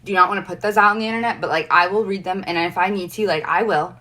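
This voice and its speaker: Low-voiced young woman telling a story. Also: quick pace, bright, forceful tone. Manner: rambling, heavy use of "like". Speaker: livestreamer. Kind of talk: emotional storytime on a livestream.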